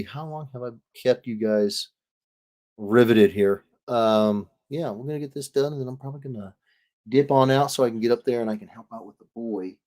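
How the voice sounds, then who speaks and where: A man in his thirties, an illustrator chatting casually with viewers on a live stream as he draws, joking, rambling and reading comments aloud. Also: mid-range voice. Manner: rambling and jokey, reads chat aloud, frequent restarts. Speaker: illustrator streaming while drawing.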